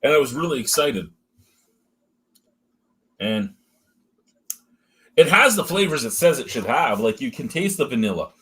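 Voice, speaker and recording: Man, beer review host, casual, swears a lot, mid-pitched voice, joking commentary. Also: big pitch swings, unhurried, pauses often, bright, forceful tone, husky. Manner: profane, joking, chatty running commentary.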